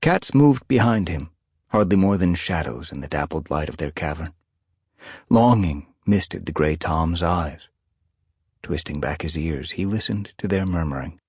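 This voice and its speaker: Deep, husky male audiobook narrator. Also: moderate pace, dry recording, clean studio sound. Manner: expressive storytelling. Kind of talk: scripted narration.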